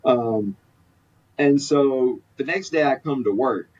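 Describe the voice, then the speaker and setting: A man's voice: mid-range voice, slow, darkish tone. A man candidly recounting a personal story as a podcast guest, earnest and rambling with frequent restarts. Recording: distant mic, dull lo-fi sound.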